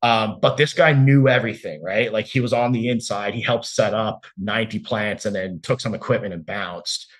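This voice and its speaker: A man's voice: on the low side, normal speed, hardly any pauses. A man of about forty, an interview guest telling a story casually, swearing freely, filling his talk with "like" and acting out what people said. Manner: loose and profane, heavy on "like", acts out quoted dialogue.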